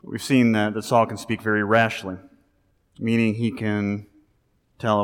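A male pastor giving a sermon, talking in a conversational, animated way that rises into emphasis. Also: on the low side, measured pace, long pauses, clear, resonant tone. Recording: long reverb of a large hall.

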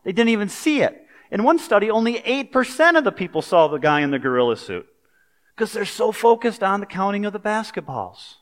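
A man delivers a sermon in a casual, storytelling manner, dropping everyday asides into his points. His voice sits a little high. It rings out with a long reverb, as if recorded in a large hall. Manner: conversational, animated storytelling with pop culture asides. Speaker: preacher.

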